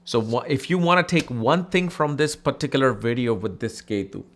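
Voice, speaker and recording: A man from India teaching astrology in a casual, animated, conversational way, acting out people in his anecdotes. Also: medium pitch, moderate pace.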